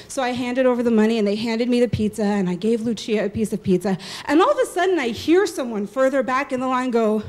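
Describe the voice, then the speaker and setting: A woman in her thirties telling a true personal story live on stage, lively and laughing, acting out the voices of the people she quotes. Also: high voice, fairly quick. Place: small live venue with audience.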